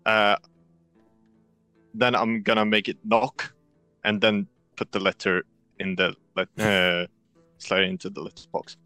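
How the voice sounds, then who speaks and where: A man with a lowish but bright, forceful tone describes his spellcasting step by step, stopping often on fillers as he works it out. The sound is dry and close to the mic. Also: flat delivery, smooth, no room sound, soft background music. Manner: hesitant, halting, full of fillers. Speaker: player. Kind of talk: describing actions in a tabletop game.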